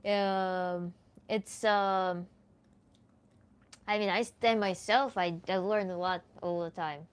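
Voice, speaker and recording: A woman with a Russian accent talks casually to her livestream viewers as a tantra coach. Her pitch sits in an ordinary middle range. She laughs lightly through her answers and often fills pauses with "like.". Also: clear, resonant tone. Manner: relaxed, chatty, laughs often, many "like" fillers. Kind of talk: livestream Q&A chat.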